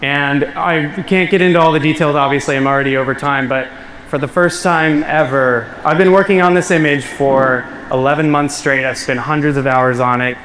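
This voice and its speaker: A man gives a keynote talk to a live audience in a large hall, telling a story earnestly and getting choked up. His voice is on the high side with fairly even intonation, a moderate pace, and a fairly bright tone, over slight background noise.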